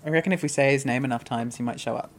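A man's voice: medium pitch, racing, a little hiss or hum. A man co-hosting a podcast in casual chat, with a wry, teasing, laid-back manner. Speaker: podcast co-host.

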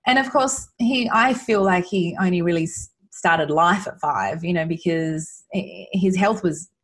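Appearing as a guest on a podcast, a mother talks earnestly and from the heart about her son's recovery in an emotional conversation. Her voice is on the low side with a fairly bright tone, a little slow, and full of restarts and fillers.

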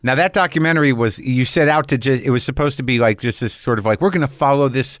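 A man's voice: medium pitch, fast, a bit bright, no room sound, studio quality. A man hosting a podcast, telling rambling self-deprecating stories in a sardonic way, then chatting casually with a guest. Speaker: podcast host. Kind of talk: comic monologue then casual interview.

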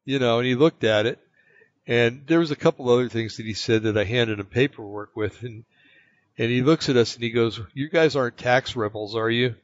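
A man from the United States telling a personal story in casual chat, rambling and halting, with many fillers and restarts. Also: mid-range voice, no echo. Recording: dull lo-fi, dry sound.

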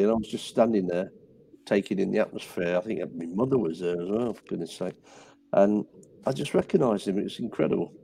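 A man's voice: on the low side, vocal fry, mellow, slightly rough, rough recording. A man, calling in to a radio show and telling a rambling, hesitant story. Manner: rambling, hesitant, repeats himself. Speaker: radio caller. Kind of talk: casual chat.

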